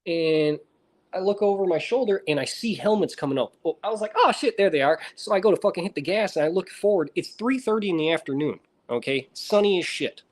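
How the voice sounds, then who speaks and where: Swearing, animated American man. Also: high voice, a little fast. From United States. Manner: swears constantly, animated storyteller. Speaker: reptile breeder streamer. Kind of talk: casual chat.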